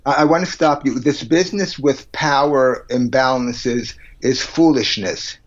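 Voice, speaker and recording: A man's voice: mid-range voice, unhurried, highs cut off. A man being interviewed as a psychologist on a podcast, speaking bluntly and emphatically and arguing through plain everyday examples. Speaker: psychologist guest.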